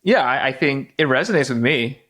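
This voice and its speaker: A man's voice: mid-range voice, animated, fairly quick, a bit bright. A man hosting a casual podcast conversation, asking friendly questions in loose, filler-laden phrasing. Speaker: podcast host, finance executive.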